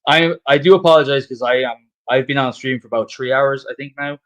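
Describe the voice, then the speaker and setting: Irish man, drunk, rambling, heavy swearing, mid-pitched, casual chat. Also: brisk, a bit bright, muffled recording. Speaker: guest on a football stream.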